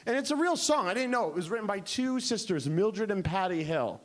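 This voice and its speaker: A man's voice: sits high, fairly quick. A man performing a stand-up comedy set, talking animatedly and acting out the voices in his stories. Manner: animated, acts out voices in quotes. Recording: live club recording with audience noise.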